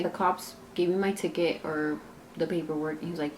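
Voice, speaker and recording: Chatty young mom telling a story. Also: female voice, fairly low pitch, fairly even intonation, brisk, a little hiss or hum. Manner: chatty, retells scenes with many "like"s and quoted dialogue. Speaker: vlogger and mother. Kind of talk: casual storytime vlog.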